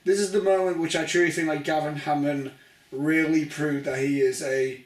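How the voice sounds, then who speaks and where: A high-pitched man chats excitedly about a video game, jumping into characters' lines as he goes. He sounds distant from the microphone in an echoey room. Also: normal speed. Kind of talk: casual chat. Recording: roomy, distant from the mic.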